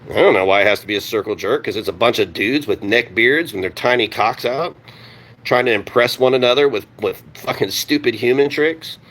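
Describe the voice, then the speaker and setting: A man's voice: medium pitch, brisk, a bit bright. A man ranting on a live stream, heated and sarcastic, swearing constantly and answering his chat. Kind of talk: profane live-stream rant.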